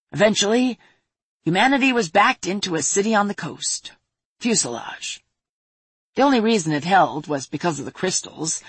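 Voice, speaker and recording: A composed, ancient sorceress from a fantasy storybook, as a woman narrator puts her on, recounting events in an even, measured manner. The voice is low and a little husky, and it is recorded close and dry. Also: no room sound. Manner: measured explaining.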